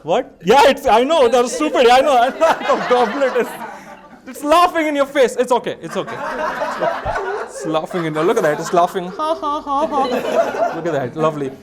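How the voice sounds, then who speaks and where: A man's voice: extremely high pitch, a little fast, over a noisy crowd. A young man with an Indian English accent, hosting a live magic act with playful, teasing, theatrical commands on stage before an audience. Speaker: comedian and magician host.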